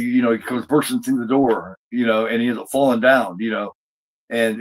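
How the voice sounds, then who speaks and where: A man's voice: mid-range voice, poor audio. A man hosting a podcast, retelling a TV episode in a casual, rambling way full of fillers and restarts. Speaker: podcast host. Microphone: streamed podcast mic.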